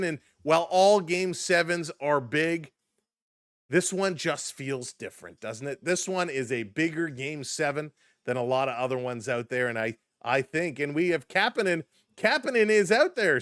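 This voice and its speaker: A man hosting a live hockey watch stream, calling the action and greeting chat viewers by name with excited energy. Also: on the high side, smooth, no room sound, clean studio sound. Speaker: live stream host and play-by-play commentator.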